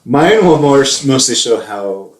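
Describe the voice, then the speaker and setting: A man in his thirties chats loosely about old favorites, drifting between thoughts and laughing easily. His voice sits in an ordinary middle pitch. The recording carries a noticeable roomy echo. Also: big pitch swings, measured pace, darkish tone. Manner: chatty, rambling, laughs often. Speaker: podcast co-host. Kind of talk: casual chat.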